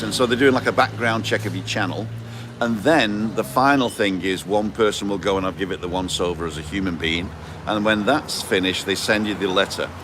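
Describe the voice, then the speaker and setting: Male live-stream host, chatty and explanatory, a bit low-voiced, street traffic behind. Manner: chatty, explains things step by step. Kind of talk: casual live-stream chat. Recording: street noise and passing vehicles.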